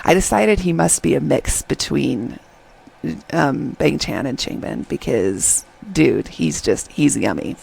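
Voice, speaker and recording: A woman's voice: low voice, animated, unhurried, vocal fry, a little mellow, breathy edge, rough recording. A middle-aged woman reviewing a drama in casual chat, retelling scenes and quoting the characters.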